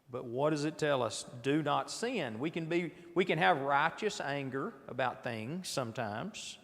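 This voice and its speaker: A man's voice: mid-range voice, gravelly, long reverb tail. A man giving an informal sermon at a midweek church service, talking conversationally and often asking his listeners rhetorical questions. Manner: conversational, asks the audience rhetorical questions, frequent restarts. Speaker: preacher leading a midweek Bible class. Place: church auditorium.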